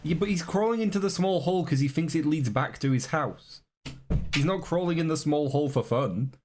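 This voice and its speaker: A man's voice: on the high side, brisk, a little mellow, soft background music. A man streaming a reaction to a video, chatting casually to his viewers with rambling, joking asides.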